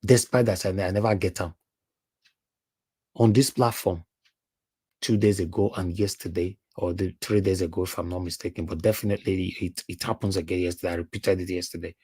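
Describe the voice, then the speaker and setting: Husky deep-voiced Nigerian man. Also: steady tone, fairly quick, a little mellow, no room sound. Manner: emphatic, repeats words, mixes in Pidgin. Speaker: live stream host and panelist. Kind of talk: heated livestream monologue.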